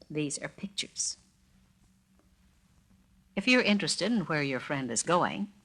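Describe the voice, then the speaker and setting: Slow, clear woman teaching phrases. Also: fairly low pitch, sharp tone. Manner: slow, careful, repeats each phrase for the listener. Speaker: language teacher narrating a record. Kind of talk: scripted spoken-word lesson.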